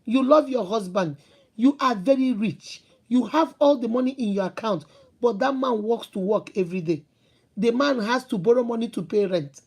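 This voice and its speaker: Animated woman giving advice. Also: fairly high pitch, moderate pace, slightly rough. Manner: animated storytelling, rhetorical questions, emphatic repetition. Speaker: host giving relationship advice. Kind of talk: casual advice talk to viewers.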